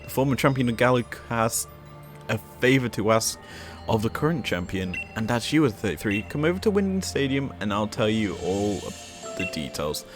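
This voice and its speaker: A man's voice: on the low side, sing-song, normal speed. A man reading the lines of a friendly young male former champion, light and cheerful. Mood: upbeat. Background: game music.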